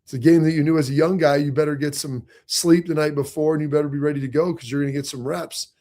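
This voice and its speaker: A man in his forties hosting a sports talk show, talking in an energetic, emphatic, conversational way. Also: a little high, quick pace. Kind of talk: casual sports talk commentary.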